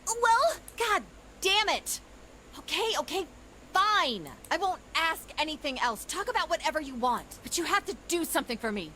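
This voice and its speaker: A brash, impatient woman snaps and swears in a piercingly high, bright voice that leaps around, as a female streamer puts her on. It is storybook-style voice acting over faint background noise. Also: sing-song, normal speed, exaggerated voice. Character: brash, hot-tempered adult woman. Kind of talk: voice acting a visual novel.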